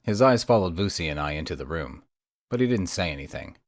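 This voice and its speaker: A man's voice: low-pitched, expressive, a little fast, dry recording, studio quality. A man reading a first-person urban fantasy audiobook, wry and sardonic in tone. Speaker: audiobook narrator.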